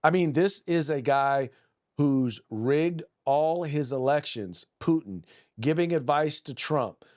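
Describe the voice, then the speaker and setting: A man's voice: a little high, animated, slow pace, a little mellow. A man hosting a political podcast, combative and blunt, who reads news articles aloud, often restarts and repeats words. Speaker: podcast host.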